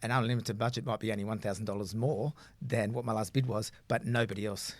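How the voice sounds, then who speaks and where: A man's voice: fairly low pitch, steady tone, fast talker, no room sound. A man, a buyer's agent explaining his work in casual podcast chat, rambling with frequent fillers.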